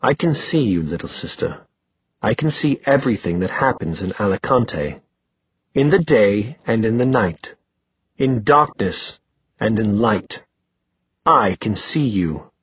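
A man voicing a menacing young male villain who speaks in a quiet, low, taunting voice. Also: expressive, measured pace, breathy edge, no room sound, full character voice. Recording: dry tinny phone-like sound.

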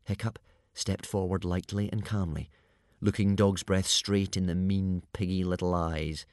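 A man narrating a children's adventure book in a lively, expressive reading. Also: sits low, measured pace, dry recording, studio quality. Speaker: audiobook narrator. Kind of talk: scripted storybook narration.

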